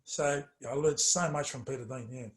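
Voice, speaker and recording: A middle-aged former footballer in a casual interview, telling animated stories with many fillers and trailing off quietly. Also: male voice, mid-range voice, a little fast, a little hiss or hum.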